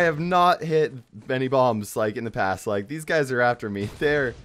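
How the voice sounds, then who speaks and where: A young man with a cold giving excitable let's-play commentary, yelping and laughing at the scares. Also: mid-range voice, moderate pace, hardly any pauses. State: has a cold. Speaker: gaming YouTuber.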